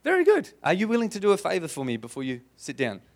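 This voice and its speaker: A man with an Australian accent preaching a sermon to a church congregation, lively and playful, often asking the room questions. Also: high voice, quick pace, creaky. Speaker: pastor.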